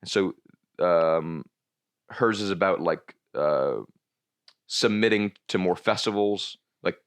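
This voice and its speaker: A comedian man tells a story in a loose, rambling way on a podcast. He restarts his sentences often and swears freely. His voice sits on the low side. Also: takes it slowly, smooth. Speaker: comedian guest.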